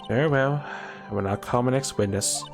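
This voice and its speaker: A man's voice: medium pitch, moderate pace, gravelly, over music, natural voice. A man voicing a cold, haughty woman prosecutor who speaks curtly and with disdain. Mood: disdainful. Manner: curt and disdainful. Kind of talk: voice acting a game's dialogue.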